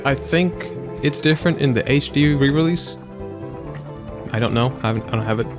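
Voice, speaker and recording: A man hosting a let's play, chatting casually in a rambling, animated way and acting out quotes in silly voices. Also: mid-range voice, a little fast, music in the background. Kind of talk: casual gaming chat.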